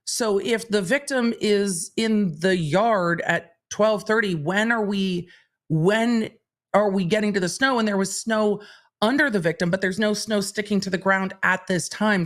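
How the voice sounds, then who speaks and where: A woman's voice: mid-range voice, fairly bright tone. A woman hosting a live stream who comments on courtroom testimony, thinking aloud in an analytical, conversational way. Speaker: legal commentator host.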